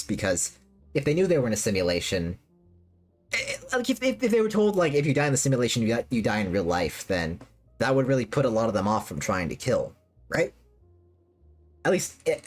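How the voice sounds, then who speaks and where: Husky and sing-song, this woman's bass voice runs a little fast as she chats casually with her stream's live chat. Her talk wanders and loops back on itself, thick with fillers, over faint background music.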